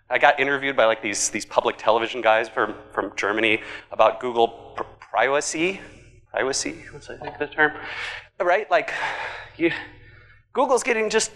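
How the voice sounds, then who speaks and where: A man giving a conference keynote, talking in an animated, conversational way and tossing in jokey asides. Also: mid-range voice, big-room sound. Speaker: conference speaker. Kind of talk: keynote presentation. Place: large conference hall.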